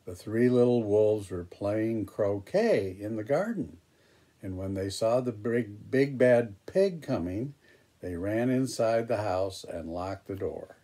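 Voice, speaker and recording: A man reading a picture book aloud, pausing for chatty, hesitant asides about the pictures. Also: lowish voice, dark tone. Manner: hesitant, with fillers and restarts. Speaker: storybook reader.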